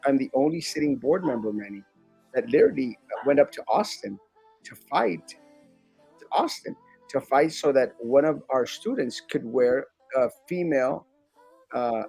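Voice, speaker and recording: This man is a guest on a talk show and a sitting school board member, with a medium-pitched, creaky, slightly rough voice at normal speed. There's no room sound, just faint music behind him. He talks casually and emotionally, restarting sentences constantly, using lots of fillers, and animatedly mocking his critics in put-on voices.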